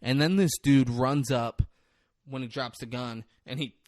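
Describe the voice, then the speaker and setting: A man's voice: mid-range voice, unhurried, no echo, clean studio sound. A man co-hosting a podcast, recapping a film in a casual chat and swearing freely. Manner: retells scenes with excited acted-out quotes, swears freely. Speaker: podcast co-host.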